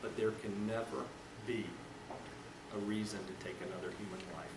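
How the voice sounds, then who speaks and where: A man voicing a quiet juror in his seventies, a veteran who speaks slowly and haltingly, recorded from afar in a roomy, noisy hall. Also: lowish voice, fairly even intonation, recorded from a distance, pitched below the performer's own voice, lightly acted. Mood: solemn confession. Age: 70s. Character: quiet older male veteran juror, solemn and tearful.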